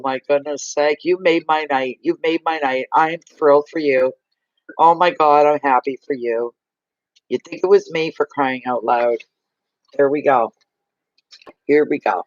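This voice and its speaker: A man giving a live tarot card reading, gushing and emotional, slow and soothing. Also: on the high side, dry recording, lo-fi sound.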